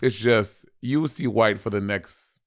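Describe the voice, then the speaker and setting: A man's voice: fairly low pitch, measured pace, no echo. A man in his thirties co-hosting a podcast, chatting in a campy, blunt way and swearing freely. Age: 30s. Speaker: podcast co-host. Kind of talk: casual chat.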